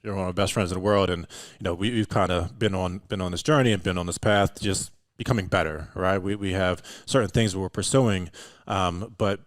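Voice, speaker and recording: A man talking in a relaxed, casual way as a podcast guest, filling his speech with "like" and "you know". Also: deep voice, fairly quick, no echo. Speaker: podcast guest, meditation and breathwork practitioner. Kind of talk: casual chat.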